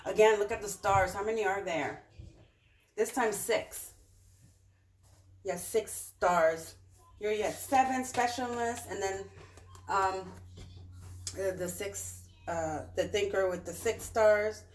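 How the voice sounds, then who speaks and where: A tarot reader gives a casual, rambling reading straight to her viewers, with many fillers, taking it slowly and leaving long pauses. Her medium-pitched voice is far from the mic in a roomy recording with faint noise.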